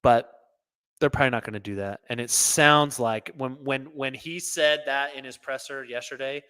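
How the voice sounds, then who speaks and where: A man's voice: medium pitch, fairly even intonation, normal speed, sharp tone, clean tone, no echo. A man hosting his own show, giving opinionated solo sports commentary that often turns into a rant. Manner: opinionated, rants, repeats himself.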